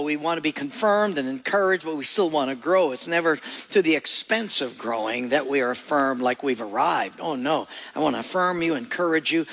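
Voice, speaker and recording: Male pastor, folksy sermon, gravelly voice, echoey church hall. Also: on the high side, a bit bright. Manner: folksy storytelling with jokes.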